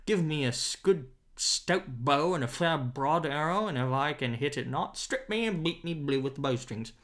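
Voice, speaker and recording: A man voicing a tall, sturdy young stranger who speaks in a gruff, surly, blunt way, in an audiobook reading. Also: fairly high pitch, expressive, moderate pace, fairly bright tone. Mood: boastful. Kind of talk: audiobook character voice.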